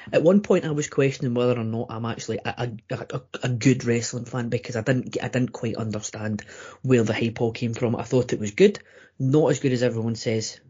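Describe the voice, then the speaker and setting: A man's voice: mid-range voice, darkish tone, breathy edge. A man co-hosting a casual podcast, stammering and restarting his sentences often. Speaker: podcast co-host. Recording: dull lo-fi audio.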